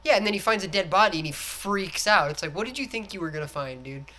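Podcast co-host, man, bright voice, animated casual talk, acts out movie lines. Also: high-pitched, fast talker, slight background noise. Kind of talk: casual chat.

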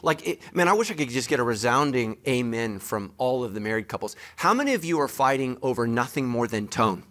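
A man's voice: medium pitch, lively intonation, brisk, a bit bright. A man preaching a sermon as pastor, speaking straight to his congregation with emphatic, joking asides.

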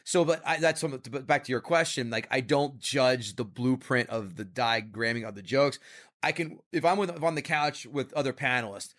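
A man, a comedian guest on a podcast, chatting casually and telling stories with lively acted-out quotes. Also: medium pitch, moderate pace. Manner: animated storyteller, acts out quoted voices. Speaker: comedian and show creator guest.

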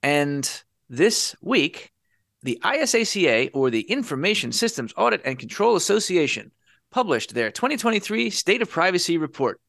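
A man's voice: high voice, moderate pace, gravelly, no room sound, studio quality. A man hosting a podcast in a casual chat, wry and sarcastic as he sets up the topic. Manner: wry, sarcastic, lively delivery. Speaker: podcast host.

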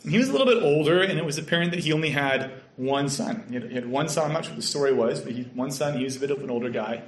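A man from Canada with a Canadian accent, preaching a sermon with earnest storytelling that sometimes drops to a soft hush. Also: medium pitch, racing. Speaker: pastor. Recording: echoey room.

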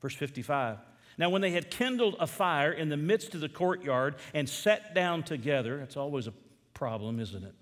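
A man preaches in a fairly high voice, reading scripture aloud and putting questions to the listeners. He swings from loud, emphatic questions to low, quiet reading. His voice carries the long reverb of a church hall. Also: lively intonation, moderate pace. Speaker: pastor. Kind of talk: sermon.

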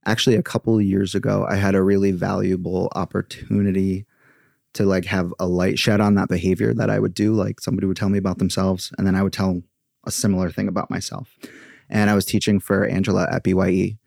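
Low gravelly-voiced man, yoga teacher. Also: little pitch movement, fast, darkish tone, no echo, studio quality. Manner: chatty, acts out quoted voices. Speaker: podcast guest, yoga teacher. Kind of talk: candid personal storytelling.

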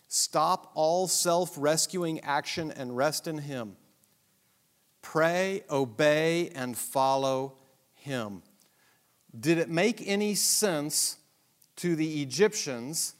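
Man, pastor, sermon, animated, rhetorical questions, fairly high voice. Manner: animated, self-deprecating, full of rhetorical questions. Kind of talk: sermon-style Bible teaching.

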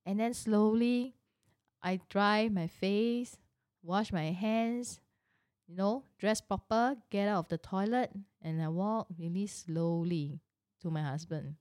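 Middle-aged woman, chatty storyteller, dry close sound, mid-pitched voice. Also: slow, darkish tone, no echo. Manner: chatty, with rhetorical questions and "you know". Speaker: personal storyteller. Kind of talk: casual storytelling with a lesson.

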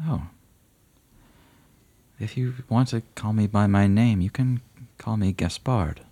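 Mysterious cloaked rider, formal, solemn, husky, low, voiced by a man. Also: takes it slowly, mellow. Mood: courteous. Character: mysterious cloaked male rider, grave and courteous. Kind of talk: tabletop role-play.

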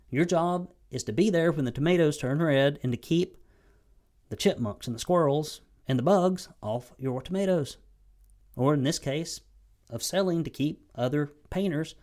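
A man's voice: mid-range voice, a little mellow. A man with a Southern US accent giving a blunt, folksy, sarcastic sales training talk to camera as a business coach.

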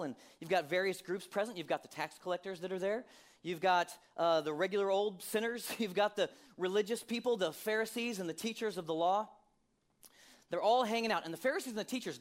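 A man preaching a sermon as a pastor, talking in a conversational way, asking many rhetorical questions and laughing often. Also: high voice.

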